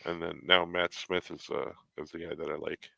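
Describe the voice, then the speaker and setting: A man with a very low, gravelly voice that still has a bright, forceful edge, chatting easily on a livestream. He talks in an unhurried, halting way and often trails off mid-thought. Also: level tone, dry recording. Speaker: cartoonist guest on a livestream. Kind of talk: casual chat.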